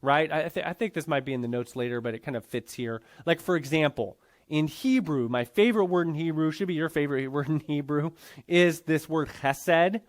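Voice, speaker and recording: A man's voice: a little high, a little fast. A man teaching a Bible class in a conversational lecture style, often checking in with his students.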